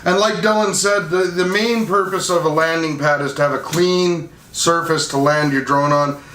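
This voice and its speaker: A man's voice: fairly high pitch, fairly even intonation, moderate pace, a bit bright. A man chats casually as a hobby channel host, rambling with fillers and restarts. The room is roomy and echoing. Faint background noise sits under him. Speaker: channel host reviewing drone gear. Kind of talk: casual product chat.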